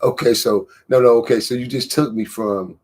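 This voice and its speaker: A man's voice: medium pitch, fairly even intonation, normal speed, darkish tone, husky. A man hosting a podcast, asking loose, rambling questions full of "like" and street slang. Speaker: podcast host. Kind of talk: casual interview chat.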